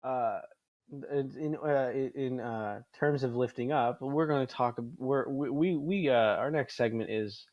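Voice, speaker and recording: A man's voice: mid-range voice, unhurried, no room sound, dull audio. Rambling young man hosting a podcast. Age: 20s. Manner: rambling, swears often, laughs a lot. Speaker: podcast host. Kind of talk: casual podcast chat.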